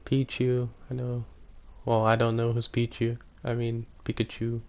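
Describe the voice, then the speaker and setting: Soft-spoken man narrating gameplay slowly. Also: medium pitch, completely flat delivery. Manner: rambling, self-correcting, soft-spoken. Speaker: gaming YouTuber. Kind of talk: casual gameplay commentary.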